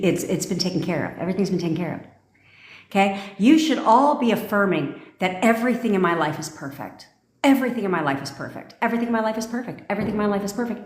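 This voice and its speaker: A woman manifestation coach on a livestream, giving a blunt, profane pep talk and repeating commands for emphasis. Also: on the low side. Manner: blunt, profane, forceful ranting. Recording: echoey room.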